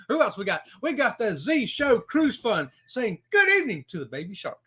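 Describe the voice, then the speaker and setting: A man's voice: sits high, sing-song, moderate pace, heavy background noise. A man co-hosting a casual cruise livestream, reading viewer comments in a folksy, upbeat way. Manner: folksy and upbeat, says y'all and howdy. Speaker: co-host of a cruise channel livestream.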